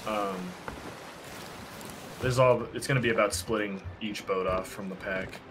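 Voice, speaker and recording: A man streaming a multiplayer game, strategizing and swearing excitedly as he talks with a teammate. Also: lowish voice. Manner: profane, quick strategizing, excitable. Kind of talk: casual gaming chat with a teammate. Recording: loud background noise.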